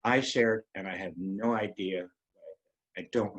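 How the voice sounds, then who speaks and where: A man's voice: fairly low pitch, fairly even intonation, fairly bright tone, slightly rough, poor audio. Emotional man telling a personal story. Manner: emotional, halting, many pauses and fillers. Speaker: web series host.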